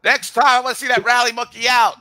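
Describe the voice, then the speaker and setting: A man's voice: extremely high pitch, little pitch movement, fast, bright, forceful tone, no echo. A man co-hosting a casual podcast chat, teasing and probing his friends with jokes. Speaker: podcast co-host.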